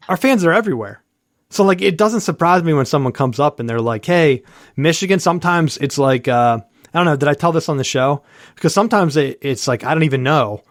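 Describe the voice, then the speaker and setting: A podcast co-host in his thirties rambles through a story during a casual sports chat, leaning heavily on "like" and other fillers and acting out the people involved. His voice is fairly high, and the studio-quality recording has no room sound.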